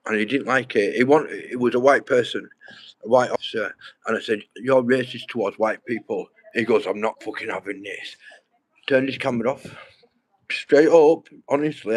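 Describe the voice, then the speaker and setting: A man's voice: medium pitch, moderate pace, no echo, low-quality recording. A young man, rambling and swearing as he talks straight to his livestream viewers. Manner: rambling, swears a lot, addresses viewers directly.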